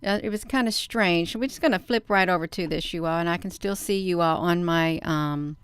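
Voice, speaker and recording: A woman's voice: fairly low pitch, a little fast, smooth. A woman hosting a casual livestream, chatting with viewers and commenting on a news article she reads aloud, laughing often and calling her audience "you all," recorded on a phone. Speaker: livestream host.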